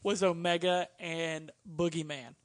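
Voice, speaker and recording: A man in casual chat, telling stories with lively acted-out quotes. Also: fairly high pitch, unhurried, a loud crowd. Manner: animated storyteller acting out quotes.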